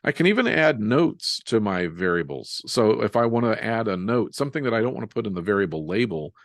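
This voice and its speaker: Low-voiced man teaching software on a webinar. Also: a little fast, no room sound, studio quality. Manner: relaxed, self-deprecating, walks through steps while typing. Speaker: software instructor. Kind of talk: live webinar software demo.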